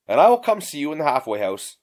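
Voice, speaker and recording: A brash young woman, impatient and quick to swear, as a male narrator puts her on. Her voice sits lifted and swings widely. She sounds direct and demanding in this audiobook. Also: a little high, sing-song, darkish tone. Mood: urging. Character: brash foul-mouthed young woman adventurer.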